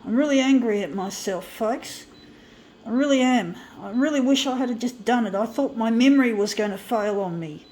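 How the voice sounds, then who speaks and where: A woman's voice: a little high, normal speed, darkish tone, slight background noise. A woman artist rambling to camera, upset and shaky on the verge of tears, self-critical and repeating herself. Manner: self-critical, repetitive, keeps saying folks.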